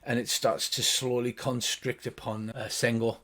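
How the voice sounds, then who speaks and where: A man's voice: mid-range voice, level tone, normal speed, a bit bright. An older man running a tabletop game as game master, narrating in vivid detail with fillers.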